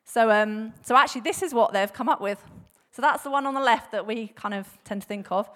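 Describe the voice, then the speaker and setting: Chatty woman preaching, slightly high. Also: a little fast. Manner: chatty, laughs often, many fillers and restarts; animated, acts out bible quotes with voices. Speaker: church speaker. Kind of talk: casual sermon talk.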